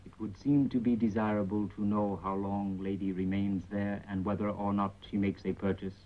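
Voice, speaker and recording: An actor playing a watchful man who speaks in measured proverbs and clipped broken English in a 1930s film. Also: lowish voice, flat delivery, lightly acted. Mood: calm. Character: watchful, aphorism-spouting male observer. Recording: muffled old 1930s film soundtrack.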